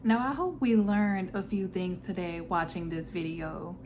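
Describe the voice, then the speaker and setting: A woman's voice: on the low side, a little slow, a little mellow, slight background noise. A woman hosting her channel, speaking frankly to camera and lecturing viewers in a slightly scolding way. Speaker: channel host and spell practitioner. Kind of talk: direct-to-camera commentary.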